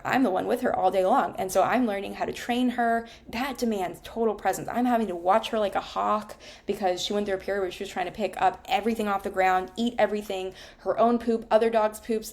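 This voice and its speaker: A woman, frankly telling a personal story in a casual, conversational way and swearing now and then. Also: medium pitch.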